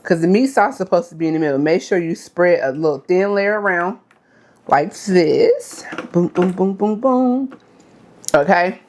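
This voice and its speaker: A woman, her voice sitting fairly low. She talks through a cooking demonstration in a loose, chatty way. She keeps checking in with her viewers. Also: normal speed, a little mellow. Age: 30s. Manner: chatty, addresses viewers as y'all, frequent okay. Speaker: cooking vlogger.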